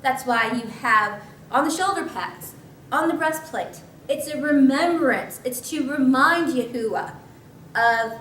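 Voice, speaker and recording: A woman's voice: high voice, animated, measured pace, a bit bright. A woman pastor teaching scripture in a conversational way, with chatty asides. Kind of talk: Bible teaching. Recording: echoey room, mic at a distance, faint noise.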